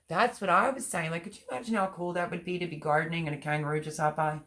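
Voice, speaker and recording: A woman's voice: on the low side, quick pace, few pauses, a bit bright. A woman hosting a gardening live stream. She chats casually and rambles, showing seed packets and answering viewer comments as she goes. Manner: reads viewer comments aloud and answers them. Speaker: gardening channel host.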